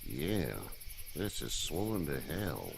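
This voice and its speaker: An actor playing an older male farmer with a Southern accent, calm and plainspoken in a video game. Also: rumbling low, slow, vocal fry, slight background noise, heavily acted.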